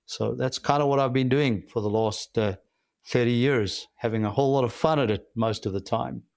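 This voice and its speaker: A middle-aged man with a South African accent answers interview questions in a measured, reflective way, pausing now and then to find his words. His voice sits at an ordinary pitch for a man. The recording is dry and close, with no room sound. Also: gravelly, a little mellow, dry recording. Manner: measured and reflective, with frequent "uh" pauses. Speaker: guest, company founder and CEO.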